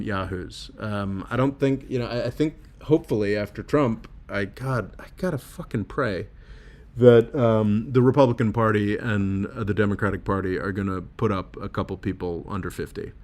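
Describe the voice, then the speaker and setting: A fairly low-voiced man hosts a casual livestream, answering viewer comments. He rambles and halts, full of fillers and restarts, with a sardonic edge and laughs at his own jokes. He sounds worn out and low. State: tired and low. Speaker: livestream host reading super chats.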